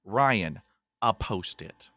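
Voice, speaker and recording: A man hosting a podcast interview, telling stories in a lively way with a stutter that repeats sounds and addressing his guest by name. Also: lowish voice, extremely slow, dry recording. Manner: animated storyteller, often addresses the guest by name. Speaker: podcast host. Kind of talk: casual interview chat.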